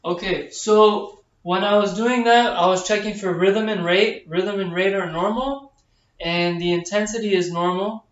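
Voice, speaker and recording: A man's voice: sits high, a little slow. A man, a nursing student, talking through a head-to-toe physical exam step by step, with frequent fillers. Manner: explains each step aloud, with frequent fillers. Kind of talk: narrated physical exam demonstration. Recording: distant, echoey, dull camera audio.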